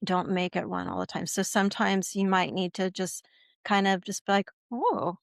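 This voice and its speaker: A woman's voice: on the low side, little pitch movement, normal speed, vocal fry, dry recording. Chatty woman expert with dry sound. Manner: chatty, frequent "right?" and "okay?", acts out quoted lines. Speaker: guest expert on puberty education. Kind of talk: conversational podcast interview.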